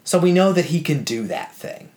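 A man's voice: fairly high pitch, expressive, a little mellow. Man, podcast co-host, casual book talk, filler-heavy, reads passages aloud. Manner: conversational, with filler words and quick asides. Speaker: podcast co-host discussing a novel.

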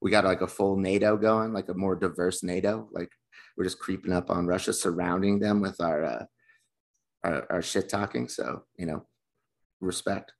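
A man's voice: sits low, normal speed, creaky. A man co-hosting a podcast, chatting casually, swearing and laughing as he tells stories. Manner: loose, swearing, laughing storyteller. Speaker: podcast co-host. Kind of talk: casual chat.

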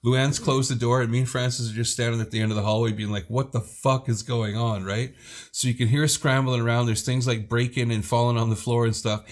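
A man's voice: medium pitch, fast talker. Profane man telling a wild story. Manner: profane, animated storyteller who acts out quoted people. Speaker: podcast co-host. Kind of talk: casual storytelling chat.

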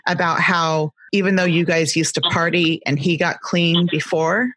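A woman's voice: fairly low pitch, steady tone, normal speed, a bit bright, no echo. A woman with a West Coast accent co-hosting a podcast, chatting casually and rambling with many hesitations. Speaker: podcast co-host. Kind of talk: casual interview chat.

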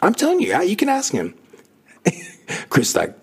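A man's voice: high-pitched, huge pitch swings, moderate pace, creaky, breathy edge. A man telling an emotional personal story in a casual way, acting out quotes and laughing often. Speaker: storyteller recalling his music past.

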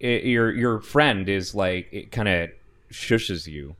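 A man's voice: on the low side, slow, fairly bright tone. A man on a casual podcast chat, recounting a video game's story in a laid-back way with lots of fillers. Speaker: podcast co-host.

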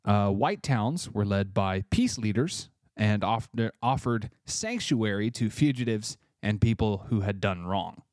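A man's voice: lowish voice, animated, measured pace, few pauses, a little mellow, dry recording, clean studio sound. Chatty man hosting a podcast. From Tennessee, US. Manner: chatty, offhand asides. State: congested. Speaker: podcast host. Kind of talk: casual solo podcast narration.

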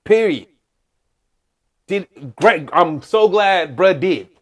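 A man with a notably high-pitched speaking voice co-hosts a sports podcast, talking in a loose, casual way. He rants with heavy emphasis and a lot of swearing, pressing his points hard. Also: takes it slowly. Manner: animated, profane, emphatic ranting. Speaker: podcast co-host.

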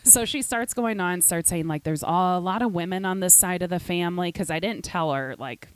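A woman podcast host in casual chat, telling an animated story and acting out quotes. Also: on the low side, normal speed, clear, resonant tone, no room sound. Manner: animated storytelling, frequent swearing, acts out quotes.

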